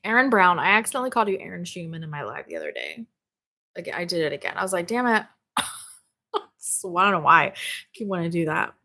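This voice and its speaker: A woman's voice: on the low side, sing-song, fast, pushed and bright. A woman hosting a spirituality live stream, chatting casually and reading out viewer comments. She is bubbly and exclamatory, laughs often and swears casually. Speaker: spirituality livestream host. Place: home office.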